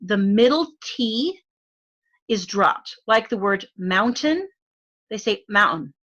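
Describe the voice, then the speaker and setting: A woman's voice: a little high, animated, slow, fairly bright tone, highs cut off. A middle-aged woman from Arizona with an Arizona accent, chatting as a guest, with lots of fillers and frequent laughs. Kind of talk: casual chat.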